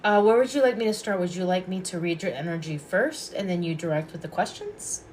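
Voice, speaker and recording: A woman's voice: lowish voice, animated, fairly quick, darkish tone, slight background noise. A woman hosting a casual livestream as a Reiki and hypnosis practitioner, chatty, affectionate and rambling.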